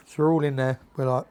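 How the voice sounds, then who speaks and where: A man, a former boxer chatting as a podcast guest, telling lively anecdotes, acting out what others said and swearing casually. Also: on the high side. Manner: animated anecdotes, acts out quoted dialogue, swears freely. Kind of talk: casual storytelling chat.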